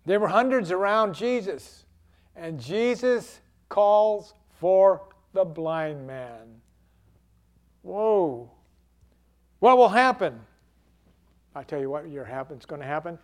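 A male preacher delivers a sermon in a high voice. He talks slowly and with drama, and he acts out the cries of the people in his story. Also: expressive.

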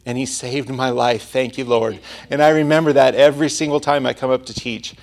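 A man's voice: medium pitch, steady tone, brisk, vocal fry. A male preacher delivering a sermon, telling a personal story in a conversational manner.

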